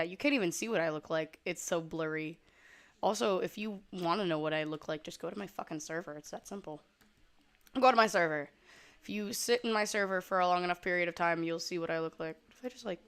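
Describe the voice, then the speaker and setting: A young adult woman streaming from her computer, chatting casually, swearing freely and jumping between loud outbursts and low mumbles. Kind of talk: casual rambling stream chat. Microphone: desk mic at a computer.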